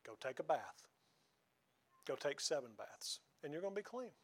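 A man preaches in a relaxed drawl, folksy and chatty. His voice sits slightly higher than most men's, and he keeps asking his listeners questions as he goes. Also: normal speed. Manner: folksy, conversational, asks the congregation questions. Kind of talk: sermon.

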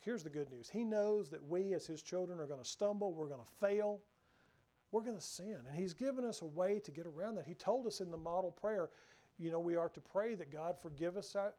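A man preaching a sermon, earnest, swinging from raised emphasis down to hushed, near-whispered lines. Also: on the high side.

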